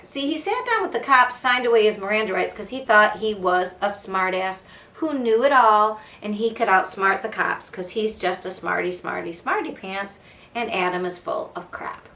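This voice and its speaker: A woman's voice: medium pitch, bright, forceful tone. A woman hosting a casual true crime podcast, sarcastic and fired up, mocking and swearing as she talks. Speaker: podcast host. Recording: echoey room.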